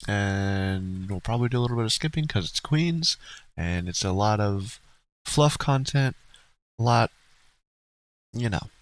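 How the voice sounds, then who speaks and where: A man in a slightly low register runs commentary for his viewers. He rambles through asides and gets blunt and profane. The sound is dry and close, with no room around it. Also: no room sound, low-quality recording. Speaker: streamer reacting to a livestream. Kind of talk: casual commentary to chat.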